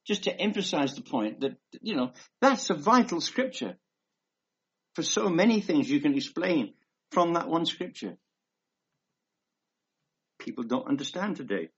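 Husky-voiced man preaching, lively pitch. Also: moderate pace, long pauses. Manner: rambling, emphatic, reads scripture aloud. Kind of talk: conversational sermon. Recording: dull lo-fi recording.

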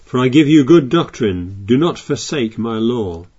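A man's voice: mid-range voice, lively intonation, a little slow, dark tone, breathy edge, highs cut off. A man preaching a sermon, reading scripture aloud and explaining it in a chatty way with frequent restarts.

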